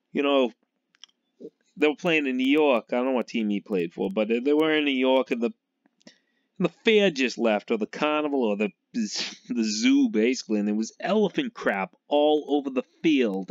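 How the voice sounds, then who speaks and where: A man's voice: medium pitch, dry recording. Rambling man from Massachusetts, lo-fi. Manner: laughs often, trails off and restarts. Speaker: sports fan vlogger. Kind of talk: rambling casual monologue. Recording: dull lo-fi recording.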